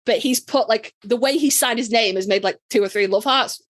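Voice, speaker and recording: A woman's voice: on the high side, a little fast, a bit bright, no echo. A woman from Yorkshire with a Yorkshire accent, co-hosting a podcast and telling a story in casual chat, swearing freely and acting out quotes. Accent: Yorkshire English. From Yorkshire, England. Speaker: podcast co-host.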